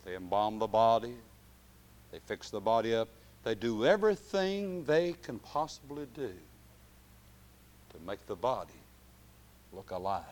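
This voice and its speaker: A man preaching a sermon, dropping to quiet, drawn-out phrases and then rising to loud shouted climaxes. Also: on the low side, lively intonation.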